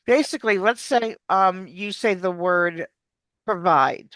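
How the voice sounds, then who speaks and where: An accent coach giving explanatory interview answers like an animated teacher, demonstrating words. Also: mid-range voice, measured pace, no echo.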